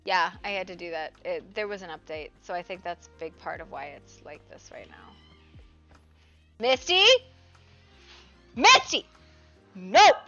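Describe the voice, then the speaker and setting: A woman's voice: on the low side, fairly quick, few pauses, fairly bright tone. A woman livestreamer chatting casually, playful and scolding her pets and kids in between. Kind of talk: casual stream chat. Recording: dull lo-fi stream audio, faint music.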